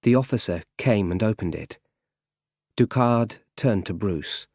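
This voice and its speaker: A man narrating an audiobook in slow, plain storytelling. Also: on the low side, a little mellow, no echo, studio quality.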